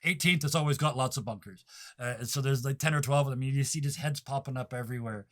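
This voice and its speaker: A man running a tabletop game as game master, playful and quick to laugh, often stopping to correct himself. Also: mid-range voice.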